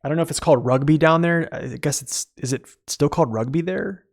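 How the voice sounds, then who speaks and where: A man's voice: a little high, quick pace, vocal fry. A young American man chatting casually with his live chat as a streamer, rambling and answering questions. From United States.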